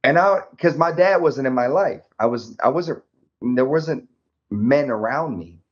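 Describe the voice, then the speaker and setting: A man guest telling a personal story candidly in an interview, lively and laughing often, acting out the dialogue. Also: medium pitch, measured pace. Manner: animated, laughs often, acts out quoted dialogue. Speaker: podcast guest, army veteran. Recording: slightly dull lo-fi audio.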